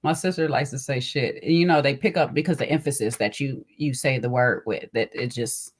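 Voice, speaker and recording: Woman, low voice, animated storyteller, laughs often, podcast co-host chat. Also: fairly quick, slightly rough. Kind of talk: casual chat.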